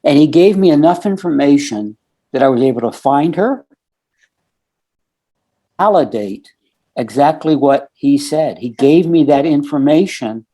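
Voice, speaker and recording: Mellow-voiced middle-aged man telling a story. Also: medium pitch. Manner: earnest, recounts conversations step by step; fills with "you know" and "um". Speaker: podcast guest. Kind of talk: casual storytelling.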